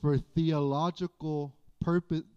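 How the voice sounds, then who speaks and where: A man preaching a sermon as pastor, in a folksy, animated way with playful asides. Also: fairly high pitch, slow pace, clear, resonant tone. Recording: dull lo-fi church audio.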